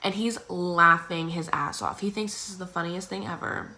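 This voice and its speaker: A teenage girl telling a personal story in a casual, chatty way, full of "like" and "um", acting out others in squeaky voices. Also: fairly even intonation, moderate pace, sharp tone, slight background noise. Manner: acts out others' lines in squeaky exaggerated voices.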